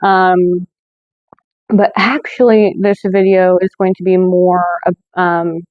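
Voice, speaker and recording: A woman's voice: fairly low pitch, level tone, takes it slowly, dry recording, narrow, tinny audio. A woman hosting her own movie review channel, talking in a chatty way with lots of fillers and self-corrections. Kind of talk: casual scripted review.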